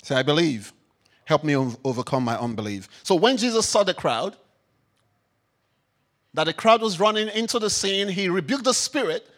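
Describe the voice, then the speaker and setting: A man preaching a sermon as pastor, emphatic, swinging between loud declarations and quiet reflection. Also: sits high, very animated, moderate pace, long pauses.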